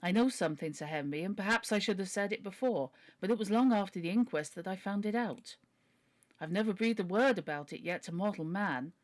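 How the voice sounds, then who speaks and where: Reading a novel aloud, a woman voices an older male butler who is humble and pleading, earnest, deferential and begging. Her natural voice is medium-pitched and a little fast.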